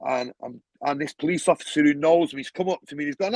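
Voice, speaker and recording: High-voiced Mancunian man telling stories. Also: fast, dry recording, low-quality recording. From Manchester, England. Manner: animated, swears often, acts out other people's voices. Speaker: guest. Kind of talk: casual storytelling.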